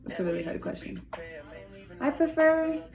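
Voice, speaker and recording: A woman's voice: sits high, sing-song, moderate pace. A young woman answering viewer questions in a casual vlog, chatty and candid, full of "like.". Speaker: vlogger. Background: faint music early on.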